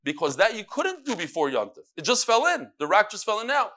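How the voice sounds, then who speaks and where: A man teaching a daily Talmud class, mixing quick readings of the text with joking asides. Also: high voice, sing-song, bright, forceful tone.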